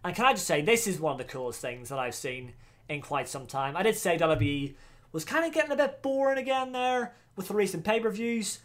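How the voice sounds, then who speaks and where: Excitable man reacting. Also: high-pitched, a little fast. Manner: excitable, animated, slangy. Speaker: wrestling reaction YouTuber. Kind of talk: casual video reaction commentary.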